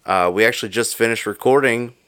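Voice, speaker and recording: A man's voice: mid-range voice, brisk, fairly bright tone, clear, resonant tone, dry recording. A man co-hosting a casual podcast, laid-back and joking, swearing freely as he chats into a studio mic. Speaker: podcast co-host. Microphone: studio microphone.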